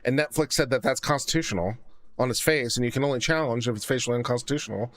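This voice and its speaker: A man hosting a casual live stream of legal commentary, talking in a dry, even tone with deadpan jokes, into a studio condenser mic. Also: mid-range voice, fast.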